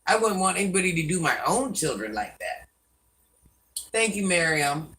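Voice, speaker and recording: A woman's voice: on the low side, big pitch swings, moderate pace, a bit bright, far from the mic, rough recording. An older woman hosting a live stream, scolding commenters by name and chatting with viewers. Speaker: livestream host.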